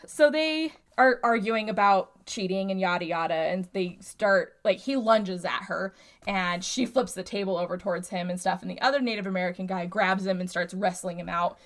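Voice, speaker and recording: Woman on a podcast rambling through a movie recap, lots of "like" and "and stuff", mid pitch. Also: normal speed. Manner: rambling, filler-heavy recapping with frequent "like" and "and stuff". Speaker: podcast co-host. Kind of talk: casual movie recap chat.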